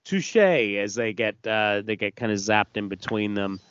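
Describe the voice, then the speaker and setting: A man's voice: on the low side, animated, a little slow, a bit bright, clear, resonant tone. A man, host of a podcast, casually narrating a comic with lots of fillers and restarts. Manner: rambling, many fillers. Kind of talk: casual comic read-through. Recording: dull dry lo-fi recording.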